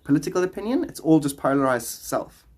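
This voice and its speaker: Male livestreamer with a fairly high voice on a phone mic, loose and rambling, laughs a lot. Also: big pitch swings, fairly quick, a little mellow. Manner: laughs often, rambling and playful. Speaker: livestreamer answering viewer questions. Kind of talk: casual livestream chat.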